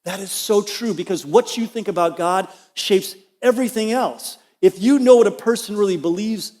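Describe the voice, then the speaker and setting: In a church auditorium, a middle-aged pastor with a high-pitched, darkish voice preaches at normal speed. His sermon is conversational, built around a personal story with asides to the congregation.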